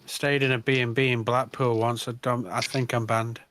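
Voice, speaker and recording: Man, 40s, casual banter, bawdy storyteller, medium pitch, laughs a lot. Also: flat delivery, moderate pace, background noise.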